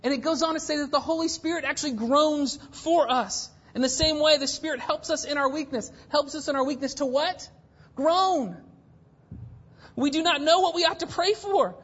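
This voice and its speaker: A woman pastor in her thirties preaching a sermon, emphatic, swinging between hushed and intense passages. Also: high voice, moderate pace. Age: 30s. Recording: dull lo-fi church recording.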